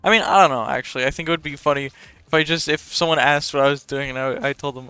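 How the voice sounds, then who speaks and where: A man's voice: medium pitch, fast talker, hardly any pauses, pushed and bright, clear, resonant tone. A young man, talking in a casual, rambling and profane way as a podcast host.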